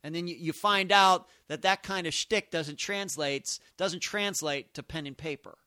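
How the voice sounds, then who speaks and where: A man's voice: a little high, measured pace, hardly any pauses, bright, forceful tone, no echo, clean studio sound. A man hosting a solo podcast, thinking aloud in emphatic, musing commentary. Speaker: podcast host.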